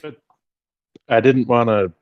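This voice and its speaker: A man talking casually as a guest on a podcast in relaxed, drawn-out remarks. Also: mid-range voice, no room sound, muffled recording. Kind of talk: casual chat.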